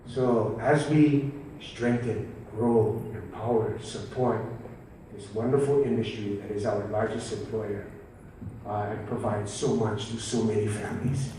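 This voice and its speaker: A man's voice: fairly low pitch, fairly even intonation, a little slow, slight background noise. A man with a Hawaiian Pidgin accent giving a humorous keynote speech at a conference, laughing as he mixes Pidgin with formal English. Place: large conference hall. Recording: echoey hall, mic from far off.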